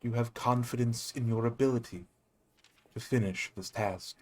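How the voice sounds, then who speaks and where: Guy playing an old solemn spirit, slow and quiet and grave. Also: mid-range voice, fairly even intonation, natural voice. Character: solemn ancient spirit of purity, unhurried.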